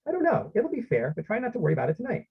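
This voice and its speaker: Man reading as a gentle, unflappable dad. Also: high voice, huge pitch swings, racing, vocal fry, husky, voice pushed up, exaggerated voice. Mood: calm. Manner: soft, sincere, mildly sing-song. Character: calm, gentle, unflappable father. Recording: slightly muffled lo-fi audio.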